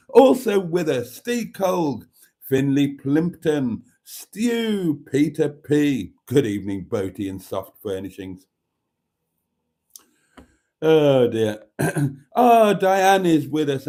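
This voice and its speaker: A man's voice: mid-range voice, warm tone. Camp British man hosting a stream. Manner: camp, theatrical, teasing, calls viewers darlings. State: stuffy nose. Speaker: live stream host. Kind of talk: casual live stream chat.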